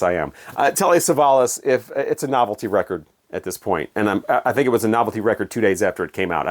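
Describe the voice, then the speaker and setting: A man chatting casually about records in his collection, with wry, sarcastic, rambling commentary. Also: on the low side. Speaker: vinyl record collector vlogger. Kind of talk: casual chat.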